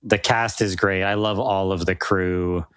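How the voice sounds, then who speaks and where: Low-voiced guy rambling happily about movies, lots of likes and restarts, dry close mic. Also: fairly even intonation, a little slow, a bit bright, clean tone, no echo. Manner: rambling, enthusiastic, many restarts and fillers. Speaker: podcast co-host. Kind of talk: casual chat.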